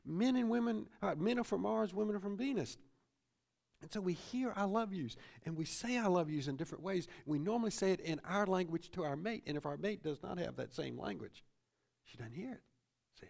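A middle-aged male pastor preaches a sermon in a high, lively, gravelly voice that swings up and down and runs a little fast. His animated, loose, conversational delivery sounds as if it comes from a church pulpit, with repeated phrases and points tagged with "see?"

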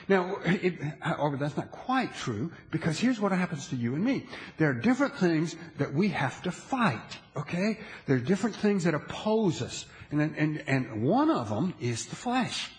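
A high-pitched male pastor delivers an animated sermon, repeating himself and checking in with the congregation. His voice rings out with a long reverb tail across a church hall. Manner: animated, asks the audience "okay?" often; repeats and restarts phrases.

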